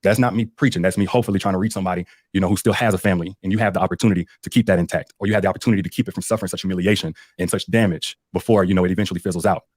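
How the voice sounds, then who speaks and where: A man's voice: low voice, steady tone, very fast, few pauses, darkish tone, no echo, clean studio sound. A man guest on a podcast, speaking sincerely and confessionally to listeners. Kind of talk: reflective interview talk.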